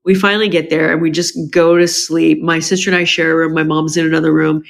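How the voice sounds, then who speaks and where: Talking fast in a low voice with vocal fry, a podcast guest shares a personal story candidly and with emotion. Her delivery is animated and full of restarts, and she lifts her voice to imitate what family members said.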